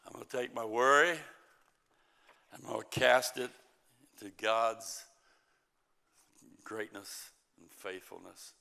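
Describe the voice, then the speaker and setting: Man, middle-aged pastor, sermon, slow delivery, bright forceful tone, emphatic scripture reading. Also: medium pitch, gravelly, clear, resonant tone. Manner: slow, emphatic preaching with scripture reading and soft drops in volume.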